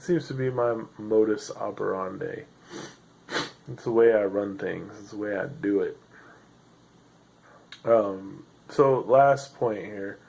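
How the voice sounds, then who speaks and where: A man's voice: lowish voice, slow, creaky, long pauses, a little mellow, low-quality recording. A man hosting a solo podcast, rambling in a sardonic, self-deprecating way with lots of fillers, sounding tired. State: tired, yawning. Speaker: podcast host.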